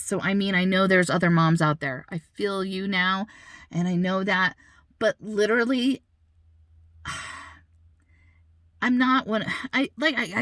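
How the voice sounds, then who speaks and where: Upset mother with a bright voice. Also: medium pitch, no room sound. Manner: emotional, indignant, talks fast with many restarts. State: upset, holding back tears. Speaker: mother telling a story. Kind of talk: casual vlog storytelling.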